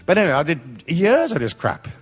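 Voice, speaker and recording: Irreverent, lively-voiced man giving a seminar. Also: a little high, brisk, slightly rough, dull audio, soft background music. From raised in Africa, born in England. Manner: irreverent, profane, sardonic. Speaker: seminar speaker. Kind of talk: live seminar talk, comic storytelling. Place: live audience hall.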